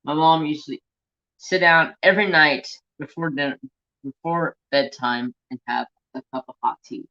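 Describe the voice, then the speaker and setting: A man's voice: on the high side, lively intonation, normal speed, bright, forceful tone. A man from the United States hosting a crafting channel, chatting casually on a live stream, telling stories and reading out viewer comments. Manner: chatty storyteller, reads viewer comments aloud. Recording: dull lo-fi sound.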